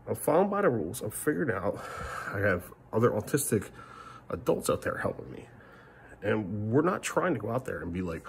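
A middle-aged man ranting in a vlog monologue, rambling and frustrated, swinging between loud outbursts and muttered curses. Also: lowish voice, sing-song, a little fast, gravelly, slight background noise. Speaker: family vlogger.

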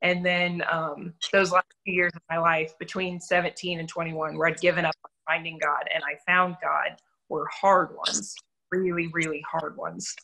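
Young woman telling her church testimony, candid and earnest, lowish voice but bright and forceful. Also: flat delivery, moderate pace, rough recording. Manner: candid, earnest storytelling with self-deprecating laughs. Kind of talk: personal faith testimony in an interview.

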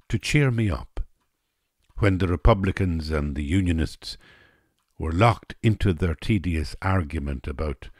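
An Irish man telling a wry story in an unhurried narration. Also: sits low, no echo, studio quality. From Ireland.

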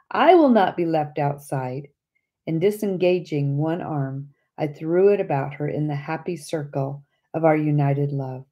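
A woman reading a book aloud as an audiobook narrator, in a gentle, measured way. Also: low-pitched, highs cut off. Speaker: audiobook reader. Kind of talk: scripted narration.

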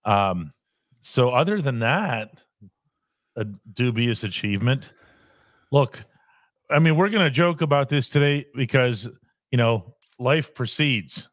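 Wry sports talk host, dry sound. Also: male voice, medium pitch, lively intonation, no echo. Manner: measured, wry, explanatory.

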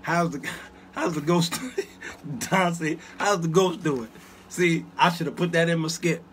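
Man, comic storyteller, high bright voice, swooping animated delivery, laughs a lot, chats with viewers. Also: measured pace, a little hiss or hum. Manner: animated, laughs often, talks back to viewers. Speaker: show host. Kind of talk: comedic storytelling to a live chat.

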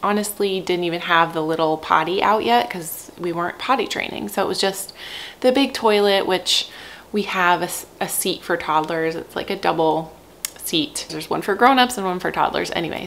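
A woman's voice: medium pitch, fairly bright tone, a little hiss or hum. A young woman, a mother of three, chatting frankly to camera at home and laughing often. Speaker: parenting vlogger, mother of three. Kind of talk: casual chat to camera.

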